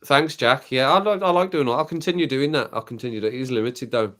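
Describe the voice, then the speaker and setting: A relaxed British man hosts a late-night live stream and talks easily to the viewers in the chat. He rambles, laughs a lot and reads their comments out loud between sips of rum, with a cough now and then. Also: medium pitch, fast talker. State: drinking rum, occasional coughs.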